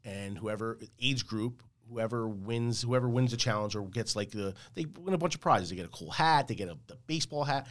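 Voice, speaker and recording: Guy in his 30s on a podcast, kinda low voice, rambles, says words twice. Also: a little fast, few pauses. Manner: rambling, repeats words, fatherly. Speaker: podcast guest. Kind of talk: casual chat.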